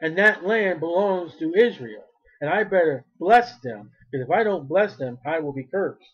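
A man's voice: on the high side, expressive, moderate pace, husky, muffled recording. A male preacher giving a fervent sermon, repeating his phrases and rising to cries when he quotes.

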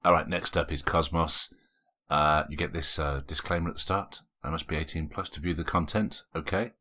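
A man's voice: rumbling low, fairly even intonation, normal speed, bright, forceful tone. A man casually commenting as he plays through game jam entries, reading the on-screen story text aloud and stumbling over words as he goes. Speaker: game reviewer. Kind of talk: casual let's-play commentary. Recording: background music clearly audible.

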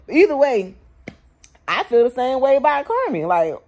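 A woman's voice: sits high, big pitch swings, normal speed, a little mellow. Blunt, slangy young woman vlogger. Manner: blunt, slangy, fires rhetorical questions. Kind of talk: casual opinion commentary.

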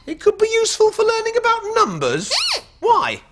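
A man presenting a children's puppet show, lively and playfully exasperated, often laughing as he scolds the puppets. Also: very high voice, moderate pace, very noisy. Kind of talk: lively scripted banter with puppets.

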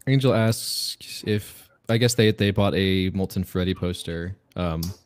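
A man's voice: deep voice, measured pace. A man co-hosting a live Q&A, reading out fan questions in a casual, easygoing way. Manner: chatty, easygoing, relays chat questions. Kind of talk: casual live-stream Q&A chat.

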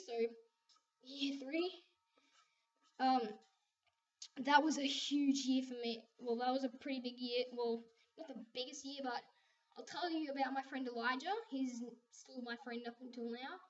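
A young girl narrating her life story casually as she draws, chatty and rambling with lots of fillers and restarts. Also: high-pitched. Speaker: vlogger. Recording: distant, dull lo-fi home video mic.

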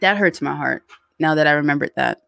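A woman with a lowish voice chats casually on a live stream, reading viewer comments aloud. She rambles and restarts, with plenty of fillers. The sound is dry and close, with faint music under her voice. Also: fairly quick, creaky, fairly bright tone, no echo. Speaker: livestream host reading viewer chat.

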